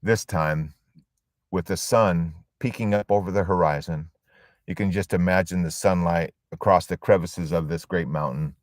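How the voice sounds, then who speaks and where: A man leading a support group, giving a storytelling sermon with emphatic, pause-filled delivery. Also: low-pitched, no echo, clean studio sound.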